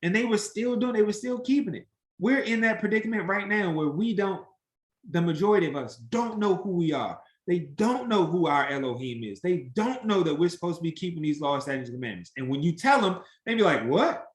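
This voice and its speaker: A man teaching an interactive Bible study, animated and emphatic, acting out the voices he quotes. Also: high voice, brisk, reverberant.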